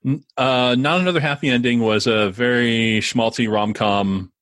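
This podcast co-host chats loosely, wandering off track and restarting often with plenty of fillers. He speaks at a normal speed in a mid-range, slightly bright voice, captured dry at studio quality.

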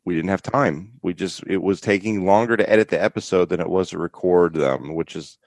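A man's voice: sits low, brisk, no echo. A man co-hosting a podcast in casual chat, joking and teasing with frequent laughs. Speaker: podcast co-host.

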